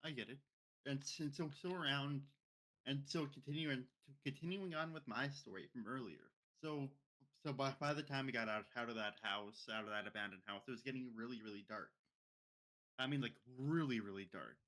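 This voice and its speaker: Bright-voiced young man telling a story. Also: medium pitch, brisk. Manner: rambling, repeats words and restarts, mimics others' speech. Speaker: podcast co-host. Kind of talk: casual storytelling.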